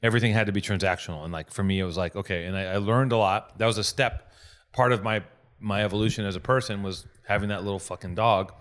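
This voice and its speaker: A podcast host with a fairly low voice talks quickly in casual chat, telling stories animatedly. He swears freely and acts out the quotes he describes.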